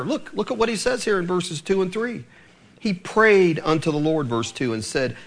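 A man preaching a sermon, acting out the people in the story as he goes. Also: moderate pace. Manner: animated preaching, acting out voices with swings of pitch. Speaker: pastor.

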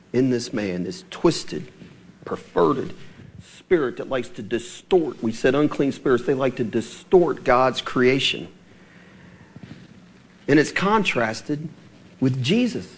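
A man preaching a sermon as pastor, telling stories and putting questions to the congregation. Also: fairly high pitch. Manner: animated storytelling with questions to the congregation. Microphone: church sermon recording.

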